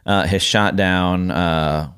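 Slow and steady, a podcast co-host speaks in a deep voice with a fairly bright, clean tone. He rambles through casual chat with many fillers and restarts. The recording is studio quality, without echo.

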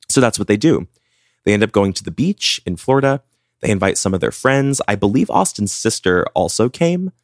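Low-voiced man retelling a crime story. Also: lively intonation, fairly quick, no echo, studio quality. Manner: chatty, filler-heavy retelling with "like". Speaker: podcast co-host. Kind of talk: casual true-crime storytelling.

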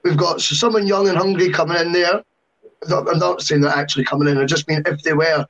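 A man on a football podcast, giving long, animated opinions with self-mocking asides. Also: on the high side, brisk. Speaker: podcast panelist. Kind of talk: casual football podcast chat. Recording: dull lo-fi sound.

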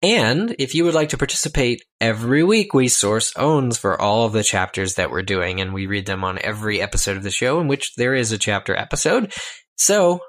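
A man's voice: lowish voice, expressive, brisk, fairly bright tone. A man co-hosting a casual podcast, reading the show's plugs in a playful, mock-announcer way. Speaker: podcast co-host.

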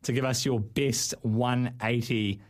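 A man's voice: medium pitch, steady tone, slow. A man hosting a sports radio show, upbeat and chatty with callers in the studio. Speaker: radio host.

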